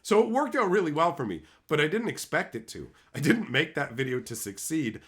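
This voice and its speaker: A man from Canada, in his thirties, chats loosely with his stream audience. His voice sits a bit high and swings widely in pitch as he swears, laughs and lurches into squeaky quoted voices. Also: very animated, brisk, fairly bright tone. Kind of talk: casual livestream chat.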